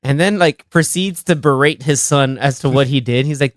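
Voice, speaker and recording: Animated young man chatting about movies. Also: medium pitch, normal speed, few pauses, no echo, clean studio sound. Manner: animated, laughs often, quotes scenes in voices. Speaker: podcast host. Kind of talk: casual movie chat.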